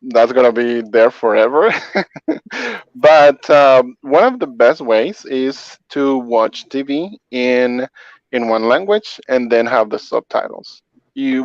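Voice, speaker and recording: A man's voice: mid-range voice, no room sound. A man who speaks Spanish as his first language, a call center interpreter talking through his answers in a casual interview, explaining with examples. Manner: chatty, explains with examples, filler-heavy. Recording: dull, dry muffled audio.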